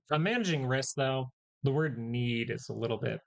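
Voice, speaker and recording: A man's voice: mid-range voice, moderate pace, gravelly. A man hosting a live stock market stream, rambling through casual commentary, correcting himself and joking with his chat.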